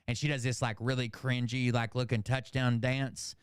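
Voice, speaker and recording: A man's voice: mid-range voice, normal speed, hardly any pauses, clean tone, dry recording, clean studio sound. Profane man ranting through a movie recap. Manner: profane, animated, acts out characters in shouts. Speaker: channel host. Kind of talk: casual movie recap rant.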